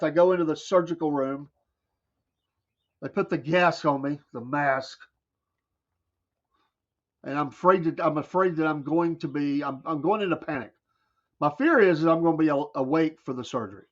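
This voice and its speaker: A Southern American man hosts a casual morning show, reading chat comments and telling folksy stories with frequent laughs. His voice sits a little high for a man. The audio is dull and lo-fi. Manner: folksy storytelling, laughs often. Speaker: radio show host.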